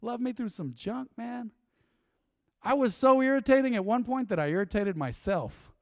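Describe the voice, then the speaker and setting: Emotive pastor preaching, high voice. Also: male voice, moderate pace, no room sound, studio quality, in a large hall. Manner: energetic, emotive, swinging between loud and soft. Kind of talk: sermon.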